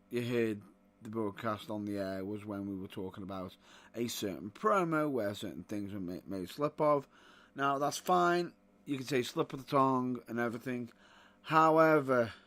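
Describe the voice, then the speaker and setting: Exasperated man ranting, bright-toned. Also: medium pitch. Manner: exasperated ranting, rising to outbursts. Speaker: wrestling podcast host. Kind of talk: opinionated commentary.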